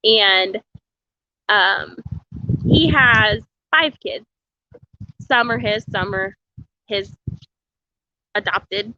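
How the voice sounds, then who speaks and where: A woman's voice: medium pitch, drawn-out words, pauses often, sharp tone, dry recording, dull audio. A woman chatting casually on a livestream, reading viewer comments, rambling with frequent laughs. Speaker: homesteading vlogger on a livestream.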